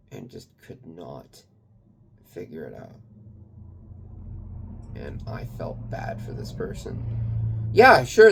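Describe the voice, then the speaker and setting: Gravelly-voiced man telling a personal story. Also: on the low side, a little hiss or hum. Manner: rambling and confessional, full of fillers and swearing. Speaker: kratom vendor and channel owner.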